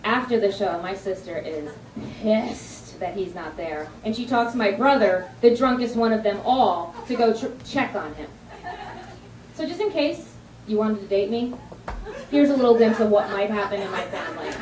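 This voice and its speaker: A woman from New Jersey doing a stand-up comedy set, telling animated stories with sudden high-pitched punchlines. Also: normal speed, recorded from a distance, a little hiss or hum. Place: comedy club stage. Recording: echoey club recording from afar, with crowd laughter.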